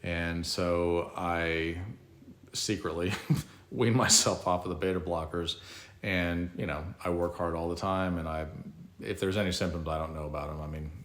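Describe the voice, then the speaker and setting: Brief: middle-aged man, very low voice, casual self-deprecating storyteller, echoey room. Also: steady tone, normal speed, fairly bright tone. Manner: conversational, self-mocking, reflective.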